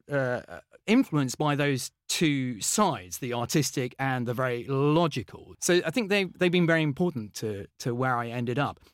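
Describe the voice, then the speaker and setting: A man's voice: a little high, no room sound, studio quality. A man from England, a mathematician guest in an interview, telling stories eagerly with lots of ums, uhs and restarts. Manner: eager, animated storytelling with many fillers and restarts. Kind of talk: conversational interview storytelling.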